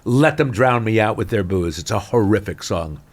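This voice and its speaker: An older man, an actor being interviewed, telling anecdotes in an expressive way, swinging between loud and soft. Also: on the low side, moderate pace, gravelly. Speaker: actor, podcast guest. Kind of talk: animated anecdotal storytelling.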